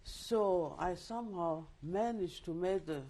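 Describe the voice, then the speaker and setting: Older woman, interview testimony, lively storytelling, dark mellow timbre. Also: on the low side, slow pace. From Czechoslovakia. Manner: vivid storytelling with restarts and asides. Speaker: interviewee, Holocaust survivor. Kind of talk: oral history testimony.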